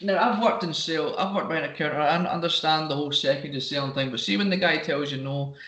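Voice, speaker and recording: A man's voice: on the high side, fast, a bit bright. Man telling stories in an echoey room. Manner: storytelling with bursts of put-on voices. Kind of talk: casual chat.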